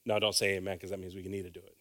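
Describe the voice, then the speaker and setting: A man preaching a bilingual sermon, swinging from hushed asides to loud calls and repeating phrases. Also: low-pitched, little pitch movement, rapid-fire.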